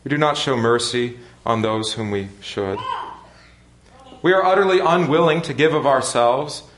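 A man preaching a sermon in a measured, earnest manner with deliberate pauses. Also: mid-range voice, fairly bright tone, echoey room. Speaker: pastor.

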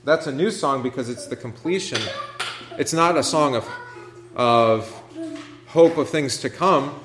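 With a mid-range voice at a measured pace, a pastor talks through a Bible study class, questioning the group and often starting over mid-sentence. Background noise is present.

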